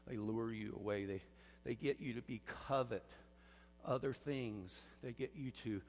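A man preaching a sermon as pastor, swinging from quiet intensity to loud pleading emphasis. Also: mid-range voice, moderate pace, big-room sound.

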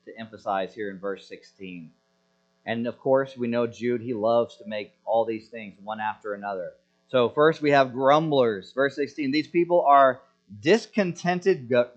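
A man in his thirties preaching a sermon as a pastor, animated and self-deprecating, often acting out the voices of grumbling people. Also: mid-range voice. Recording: slightly dull lo-fi sound.

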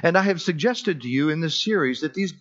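A male pastor preaches a sermon in church, earnest and emphatic, stretching out the words he wants to land. His voice sits a little high, and the recording has a slightly dull, lo-fi sound. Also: lively intonation, fairly quick, fairly bright tone.

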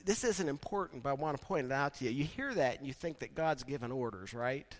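A man preaching a sermon in a conversational way, building now and then to loud, emphatic peaks. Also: medium pitch, a little fast. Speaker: pastor.

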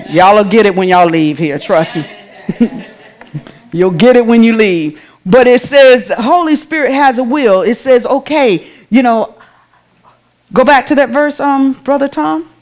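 A woman's voice: a little high, a little slow, darkish tone. A woman, preaching a sermon in a church in a conversational way, calling out to the congregation.

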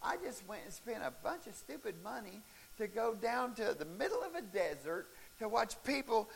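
A middle-aged male pastor telling stories in a sermon, animated and breaking into shouts and laughs at the peaks of a story. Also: high voice, normal speed, creaky. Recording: faint hiss.

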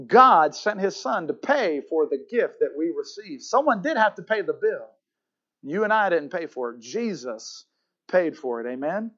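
A man's voice: a little high, lively intonation, moderate pace, a bit bright, highs cut off. A man preaching a sermon as a pastor, emphatic and often asking his listeners "Amen?". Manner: emphatic, asks the congregation "Amen?".

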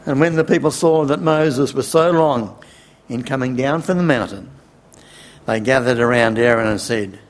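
A man preaching a sermon, unhurried, asking rhetorical questions and chuckling wryly. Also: medium pitch.

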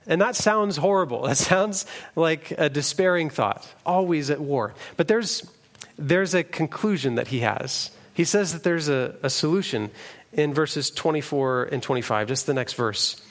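A man's voice: on the high side, lively intonation, moderate pace. A man preaching a sermon, reading scripture aloud in an earnest way with the odd restart.

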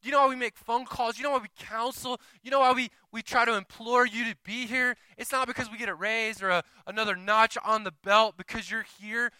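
A man preaches a sermon in a voice that rings high and very bright. His tone is smooth and clear, caught close and dry with almost no room sound. He swings from loud, emphatic calls to quiet, hushed asides, slipping into the voices of his listeners. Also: little pitch movement, brisk, hardly any pauses, no echo, poor audio. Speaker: pastor.

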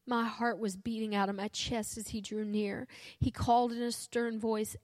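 A woman reading a story aloud in first person, earnest and steady, with a few small restarts. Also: on the high side, moderate pace, dry recording.

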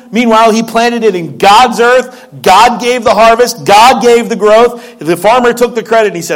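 A man's voice: extremely high pitch, normal speed, hardly any pauses. A man preaching a sermon in a conversational way, with joking asides and repeated words. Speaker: pastor.

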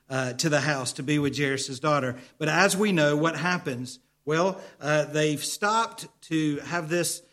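A man delivering a sermon from the pulpit with a voice a little higher than most men's. He speaks earnestly, says his key points twice and keeps asking the congregation questions. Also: fairly bright tone. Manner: earnest, repeats key lines for emphasis. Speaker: pastor.

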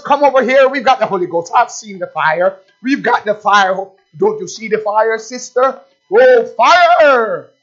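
A man's voice: high-pitched, lo-fi sound. A male preacher voicing a smug, self-satisfied man who gloats over his comfort. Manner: gloating, laughing at himself in satisfaction.

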